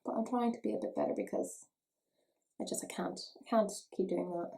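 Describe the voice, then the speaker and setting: A woman's voice: mid-range voice, a little fast, gravelly, mellow, rough recording. A woman, chatting playfully and mocking herself while doing her makeup at home for a beauty vlog. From Ireland. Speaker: beauty vlogger. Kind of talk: casual makeup tutorial chat.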